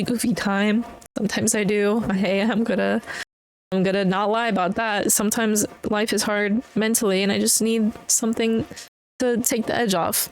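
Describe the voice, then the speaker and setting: A woman speaking at an ordinary, mid-range pitch hosts her own podcast. She talks openly in a halting, emotional way. Her monologue is full of pauses, fillers and blunt swearing. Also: low-quality recording. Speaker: podcast host. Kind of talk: candid personal podcast monologue.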